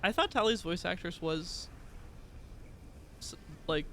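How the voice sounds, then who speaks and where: A male streamer doing live gameplay commentary, excitable and rambling, swearing freely and laughing often. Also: high voice, slow pace, pauses often, a little hiss or hum. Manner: chatty, rambling asides.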